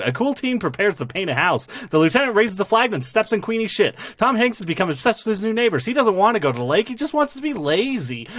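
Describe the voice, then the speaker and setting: A man co-hosting a movie podcast, rattling off a deadpan comedic plot summary. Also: sits high, no echo. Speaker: podcast co-host.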